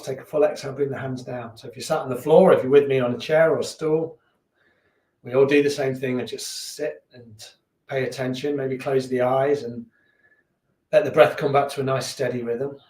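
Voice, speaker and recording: A man teaching a beginner yoga class in a relaxed, chatty, encouraging way that sometimes laughs at himself. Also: mid-range voice, moderate pace. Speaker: yoga instructor. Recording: echoey room, voice from a distance.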